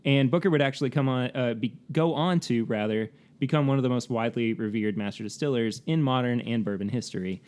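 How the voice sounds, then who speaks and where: A man's voice: mid-range voice, fairly quick, few pauses, a little mellow. A man co-hosting a casual podcast, talking through facts with many fillers. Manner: chatty, reads facts with frequent fillers and laughs. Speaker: podcast co-host. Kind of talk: casual chat.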